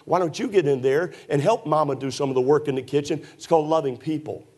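A man's voice: on the high side, fast, a little mellow. A man preaching a sermon in a church, emphatic and folksy, teasing his listeners with sarcastic asides. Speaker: pastor.

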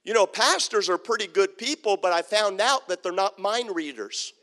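A man's voice: sits high, normal speed, long reverb tail. A man preaching a sermon as a pastor, telling stories with humor and acting out the people in them. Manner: storytelling, animated, with acted-out quotes and humor. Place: church sanctuary.

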